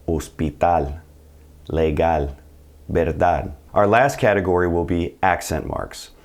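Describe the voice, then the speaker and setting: Deep-voiced man teaching Spanish. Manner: friendly, joking asides to viewers. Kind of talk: video language lesson.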